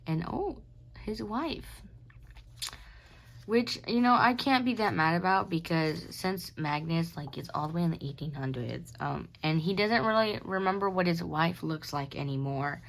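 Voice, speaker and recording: A woman's voice: lowish voice, measured pace, creaky. Sleepy young woman, rambling chat. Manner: rambling, giggly, self-mocking. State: sleepy, yawning. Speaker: artist showing her sketchbook. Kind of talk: casual chat.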